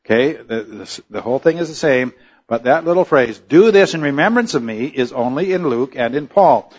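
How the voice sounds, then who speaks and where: A male pastor preaching a sermon in a measured teaching tone, slowing down to stress key words. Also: medium pitch, expressive, darkish tone, breathy edge, dull audio.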